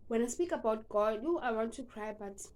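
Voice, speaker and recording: A woman's voice: fairly high pitch, lively intonation, a little fast, a little mellow. A young woman from South Africa with a South African accent, telling a personal story in an earnest, emotional vlog style and slipping into casual asides. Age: young adult. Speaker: vlogger.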